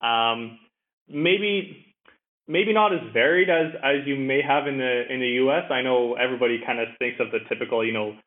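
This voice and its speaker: A man's voice: medium pitch, moderate pace. A man from Ottawa, Canada, a podcast guest who talks easily, with many fillers and repeated words. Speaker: podcast guest, energy professional. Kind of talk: casual interview conversation. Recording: tinny phone-like line.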